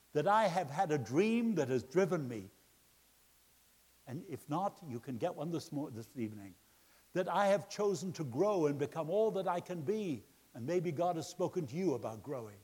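A middle-aged male pastor preaching a sermon in a large church auditorium, his voice ringing with a long hall reverb. He sits a little above the usual male pitch and tells jokes and family stories with the timing of a seasoned speaker. He moves from loud, laughing excitement into quiet, earnest appeals to the congregation. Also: husky. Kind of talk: sermon with humorous storytelling.

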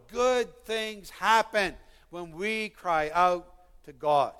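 Fervent high-voiced male preacher. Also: slow, sharp tone, smooth. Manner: earnest, pleading, rising to fervent calls. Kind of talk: sermon. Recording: long hall reverb.

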